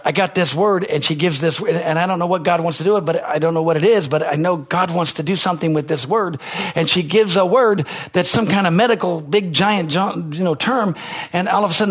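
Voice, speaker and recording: A man preaching from the pulpit, his voice pitched high and a little husky. He drives his points hard, climbing toward near-shouts as he presses them home. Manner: emphatic preaching with rising, near-shouted peaks. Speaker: pastor. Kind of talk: sermon.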